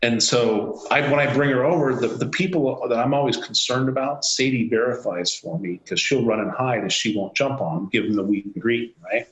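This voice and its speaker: A man in an interview, spinning a long personal story with animated back-and-forth dialogue. His voice sits at an ordinary pitch and rings a little in an echoey room. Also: a little fast, hardly any pauses. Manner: animated, acts out quoted dialogue. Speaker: CEO guest. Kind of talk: anecdotal storytelling.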